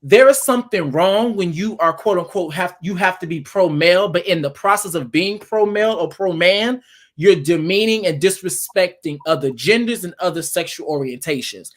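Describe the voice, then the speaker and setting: A man's voice: high-pitched, a bit bright. A man hosting an online panel discussion, talking emphatically and stacking his points in repeated phrases. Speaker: panel host.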